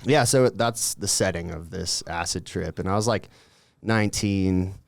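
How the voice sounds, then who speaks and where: Gravelly laid-back young man, dry sound. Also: sits low, unhurried, dry recording. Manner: laid-back, rambling, heavy on filler words and swearing. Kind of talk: casual storytelling.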